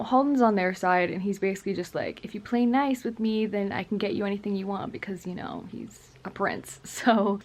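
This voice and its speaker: A young woman recapping a novel in a chatty, gushing way, filling her talk with "like" and quick acted-out quotes. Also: medium pitch, a little mellow. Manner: chatty, gushing, full of "like" and quick voiced asides. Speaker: book vlogger. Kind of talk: casual book recap.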